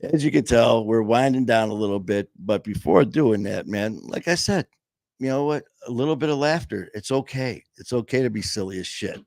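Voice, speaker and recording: A gravelly-voiced man co-hosting a casual studio livestream, trading corny jokes in a folksy way. His voice sounds worn, as if it is starting to go. The sound is close and dry. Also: mid-range voice, animated, normal speed, darkish tone, no echo. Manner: jokey, folksy, telling dad jokes. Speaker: co-host.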